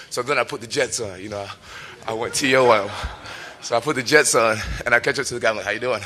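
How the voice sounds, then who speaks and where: A bright, clear-toned young man in his twenties recounting a story with lots of animation. He laughs easily and acts out the lines of the people in it. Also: mid-range voice, a little fast. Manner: lively, laughs often, acts out quotes. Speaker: professional fighter.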